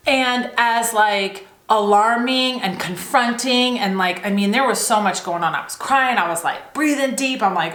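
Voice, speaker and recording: A woman speaks slowly and at an easy pitch, chatting casually to camera about personal growth. She is loose and conversational, leaning on fillers and asking the viewer questions. Her voice bounces around a reverberant room. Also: a bit bright. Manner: unhurried, chatty, many fillers and rhetorical questions. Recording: echoey room.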